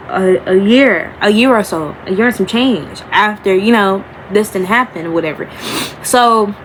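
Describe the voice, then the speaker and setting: A young woman tells a painful story from her past straight to her viewers, rambling and emotional, slowing right down to stress the words that matter. Her voice sits in the middle of the range. A faint hiss of noise runs underneath. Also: medium pitch, low-quality recording. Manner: emotional, rambling, addresses viewers as y'all, slows and rises on emphasis. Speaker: vlogger. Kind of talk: storytime vlog talking to camera.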